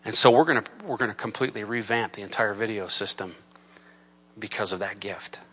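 A man preaching a sermon in a church. He reads scripture in a solemn cadence and builds from soft, low talk to loud, raised preaching. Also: brisk, slightly rough. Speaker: pastor. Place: church sanctuary.

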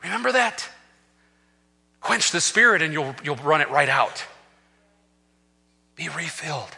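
A man preaching an impassioned sermon, swinging from hushed talk to shouting, in a large echoing hall. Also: a little high, animated, unhurried, vocal fry, pauses often, slightly rough. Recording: long reverb of a large hall.

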